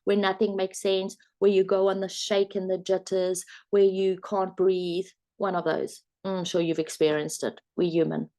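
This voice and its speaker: A woman life coach teaching in a webinar, talking conversationally and guiding breathing exercises with spoken counts. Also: mid-range voice.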